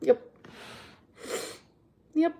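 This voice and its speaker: A woman's voice: extremely slow, dark tone. A woman hosting a livestream, exasperated and defensive, swearing freely and hammering viewers with repeated rhetorical questions. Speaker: livestream host. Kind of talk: ranting livestream chat to viewers.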